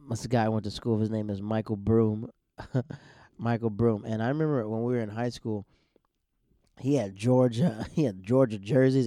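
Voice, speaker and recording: Man, comedian podcast host, rambling casual talk, relaxed tone, dry room. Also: on the low side, no room sound. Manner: loose, chatty, with frequent "man" and restarts.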